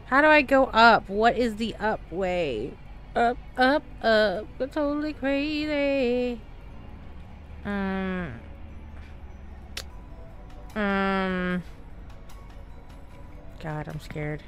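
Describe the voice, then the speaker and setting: A woman's voice: a little high, extremely slow, pauses often, faint music behind. A woman in her thirties from Texas with a Southern American accent, chatting through gameplay and talking to herself. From Texas, USA. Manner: chatty, exclaiming, talks to herself. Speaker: gaming streamer. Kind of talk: live gameplay commentary.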